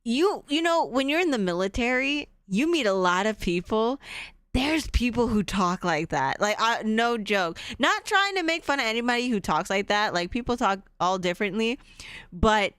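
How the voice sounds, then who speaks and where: A woman's voice: fairly high pitch, lively intonation, normal speed, fairly bright tone, clean tone, no echo. Giggly, chatty woman game streamer. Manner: chatty, laughs often, greets chat. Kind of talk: casual gameplay commentary.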